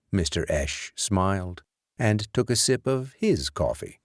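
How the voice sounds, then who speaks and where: A man narrating a horror audiobook in a slow, deliberate storytelling manner. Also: low voice, big pitch swings, no room sound, studio quality.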